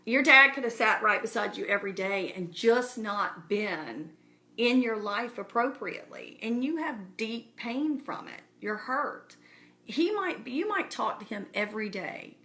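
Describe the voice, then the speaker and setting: Woman chatting to her viewers, bright voice, earnest and encouraging. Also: on the high side, lively intonation, unhurried. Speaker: speaker addressing her community. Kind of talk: casual live-stream address.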